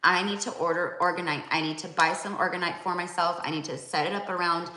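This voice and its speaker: Low-voiced woman, rambling spiritual talk. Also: fairly even intonation, fast talker, sharp tone, echoey room. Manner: rambling, many fillers and restarts. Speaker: psychic medium tarot reader. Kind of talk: casual spiritual talk to viewers.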